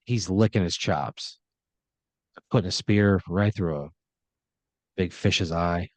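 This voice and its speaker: Man narrating improv comedy, low voice, loose and rambling, dry close sound. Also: slow, a little mellow, no room sound. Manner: rambling, filler-heavy storytelling. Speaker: improv storyteller.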